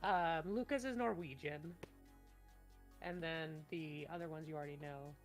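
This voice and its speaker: Faint music plays behind a woman who is game master for a tabletop game, chatting casually on a voice call. Her voice is low-pitched and unhurried, and she rambles, keeps restarting, and breaks into loud laughter.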